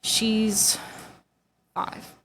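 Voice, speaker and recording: A woman's voice: extremely slow, background noise. A young woman giving a personal testimony, casual and full of "like", sometimes dropping to near-whispers. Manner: conversational, heavy use of "like", drops to near-whispers at painful moments.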